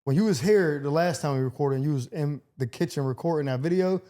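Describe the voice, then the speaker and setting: A man's voice: fairly high pitch, fast talker, dark tone. A man hosting a podcast, chatting casually in loose, profane banter and laughing often. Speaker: podcast host.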